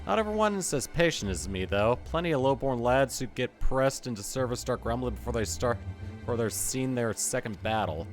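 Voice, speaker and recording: A man voicing a low-born male soldier in a video game, talking in a folksy, rough way with dropped grammar. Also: expressive, normal speed, faint music behind, close to an everyday voice. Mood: chatty.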